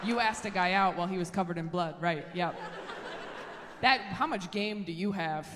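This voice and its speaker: A woman comedian doing brash, sarcastic stand-up with quick crowd banter. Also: on the low side. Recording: echoey theater with loud crowd noise. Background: audience laughter.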